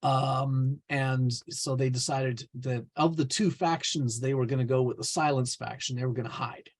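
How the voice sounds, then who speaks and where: A man's voice: medium pitch, steady tone, moderate pace. A man, the game master, casually recapping a tabletop game session with a hesitant, rambling delivery. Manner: rambling, hesitant, lots of fillers.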